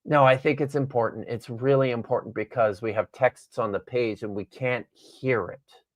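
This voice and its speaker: On a podcast, a guest author and Bible scholar reads from his own book and talks, his medium-pitched voice steady at a normal speed. He comes across as thoughtful and wry, frequently restarting his sentences.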